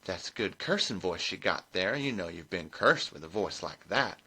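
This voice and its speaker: A man voicing a blunt, gossipy village woman who is quick to alarm. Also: deep voice, animated, sharp tone, husky, full character voice.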